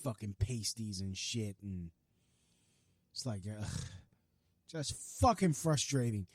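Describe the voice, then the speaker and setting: With a fairly low, animated voice, a young man rants on his podcast, heated and profane. He speaks rapidly and often starts over mid-thought, and there's no echo on the recording.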